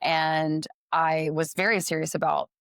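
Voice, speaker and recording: A woman's voice: low-pitched, level tone, a little slow, a bit bright, smooth, no echo, studio quality. A woman hosting a podcast, chatting in an encouraging way and sharing her own stories. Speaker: podcast host. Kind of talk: casual podcast interview.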